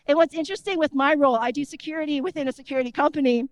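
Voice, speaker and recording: High-voiced woman giving a conference talk. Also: very fast, no echo. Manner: energetic, conversational, often asks the audience "right?". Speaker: conference speaker. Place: conference stage.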